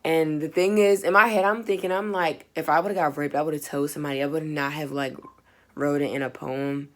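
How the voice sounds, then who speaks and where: A woman's voice: deep voice, steady tone, fairly quick. A young woman, a student, casually telling a personal story, chatty and full of fillers, acting out what people said. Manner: chatty, full of "like" and fillers, acts out quoted lines.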